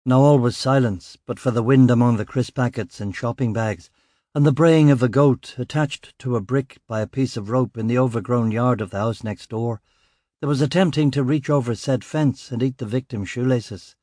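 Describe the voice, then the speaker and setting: A man reading a crime novel in first person, with a dry, sardonic, gruff delivery. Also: mid-range voice, moderate pace, warm tone, no room sound. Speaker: audiobook narrator. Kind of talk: first-person scripted narration.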